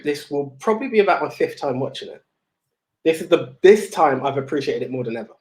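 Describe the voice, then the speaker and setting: A young man co-hosting a podcast, telling stories in a rambling, animated way with many restarts. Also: a little high, fast. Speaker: podcast co-host. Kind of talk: casual chat.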